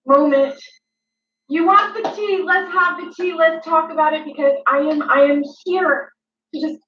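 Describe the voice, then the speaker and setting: Woman doing a high, bright ranting influencer. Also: recorded from a distance. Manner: emotional, repetitive ranting with swearing. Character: dramatic adult female influencer ranting at critics. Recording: dull, echoey room, mic set back.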